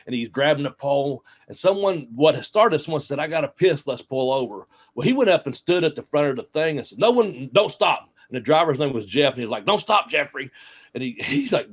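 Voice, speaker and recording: A man spins loose, rambling stories as an interview guest, his pitch sitting right in the middle of the range. He trips over fillers and restarts and keeps chuckling at his own tales. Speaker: interview guest, retired wrestler. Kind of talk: casual storytelling.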